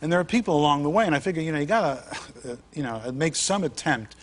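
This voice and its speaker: A man's voice: on the high side, animated, fast. A man, a comedian guest on a late-night talk show, telling funny anecdotes in a wisecracking way, slipping into mock voices. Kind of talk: comic storytelling. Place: TV studio with live audience. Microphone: television studio mic. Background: studio audience.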